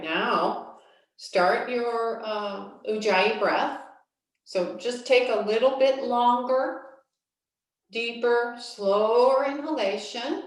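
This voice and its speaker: Woman, yoga teacher, guided breathing, calm and soothing, unhurried, distant mic, heavy room echo. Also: medium pitch. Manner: slow, calm, soothing instructions with long pauses. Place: yoga studio.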